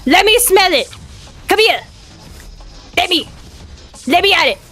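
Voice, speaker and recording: High, bright-voiced frantic woman streamer. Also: lively intonation, unhurried, faint music behind. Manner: frantic, swearing, talks herself through the game. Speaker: VTuber streamer. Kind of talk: live gameplay commentary.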